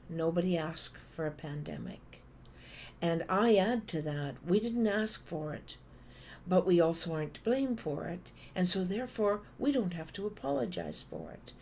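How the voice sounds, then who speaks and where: Lower-voiced Canadian woman giving a motivational talk. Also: moderate pace, slight background noise. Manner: animated storyteller acting out phone calls. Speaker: conference speaker.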